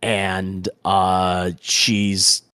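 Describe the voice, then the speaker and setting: A man hosting a podcast, chatting excitedly about a show and retelling scenes with lots of restarts and casual swearing. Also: deep voice, very slow, smooth, no echo, studio quality. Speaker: podcast host. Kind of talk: casual podcast review chat.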